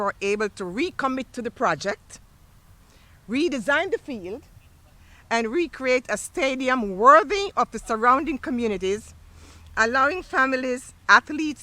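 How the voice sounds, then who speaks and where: A woman superintendent speaks at an outdoor stadium ceremony, her voice bright and her pitch swinging widely. She rouses the crowd and leads them in cheers. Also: no room sound. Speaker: school superintendent. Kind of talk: ceremony speech.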